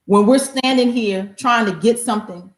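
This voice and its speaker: A woman hosting a heated call-in debate, pressing her guest with sharp, pointed questions. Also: fairly high pitch, moderate pace, reverberant. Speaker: host.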